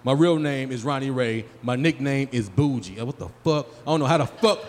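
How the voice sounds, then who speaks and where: A man's voice: mid-range voice, brisk. A man in his forties doing live stand-up comedy in a small venue, bantering loosely and profanely with the crowd. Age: 40s. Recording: live room with long reverb, faint noise.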